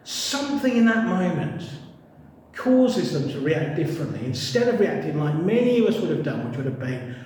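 A man preaching a sermon in a church, animated and humorous, acting out little voices as he tells the story. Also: on the high side, moderate pace, a little hiss or hum. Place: church hall. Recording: distant mic in echoey hall.

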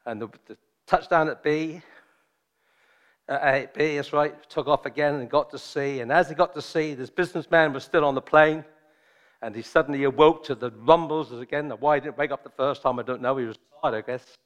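A man preaching a sermon, joking and chatty with his congregation at first, then slow and solemn. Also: fairly high pitch. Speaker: visiting preacher.

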